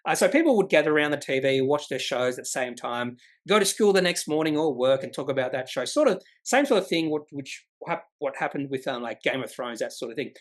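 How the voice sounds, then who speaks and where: A man's voice: mid-range voice, expressive, a little fast, hardly any pauses. A man hosting a casual daily stock market rundown, chatty and rambling with asides. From Australia. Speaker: stock market video host.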